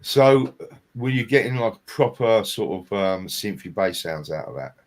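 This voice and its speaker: A man's voice: on the low side, animated, a little slow. A man co-hosting a podcast, interjecting with short, curious questions. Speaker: podcast co-host. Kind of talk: casual interview chat.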